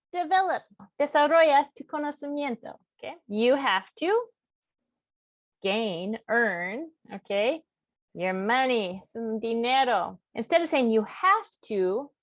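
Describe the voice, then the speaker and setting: A woman with a high voice teaches a Spanish grammar lesson step by step, patiently mixing English and Spanish and checking in with her students. The recording is dry and lo-fi.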